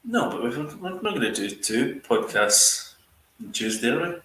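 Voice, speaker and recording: A man's voice: medium pitch, very animated, moderate pace, pushed and bright, echoey room, a little hiss or hum. A man chatting casually on a podcast, hesitant and full of ums. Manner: hesitant, lots of ums and agreeing. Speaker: podcast co-host. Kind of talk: casual chat.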